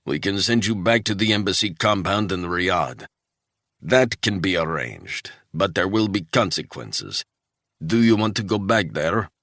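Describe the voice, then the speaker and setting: A gruff military handler with a heavy Russian accent and a smoker's gravelly rasp, as a male narrator puts him on. He barks cold, threatening orders in a low voice with lively swings of pitch. The audiobook reading is close and dry. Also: measured pace, no room sound, full character voice. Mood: menacing.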